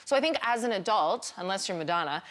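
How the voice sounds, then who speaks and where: A woman from Canada with a Canadian accent, a comedian guest on a talk show who tells stories in a deadpan, wry way. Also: mid-range voice, fast. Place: TV studio with audience.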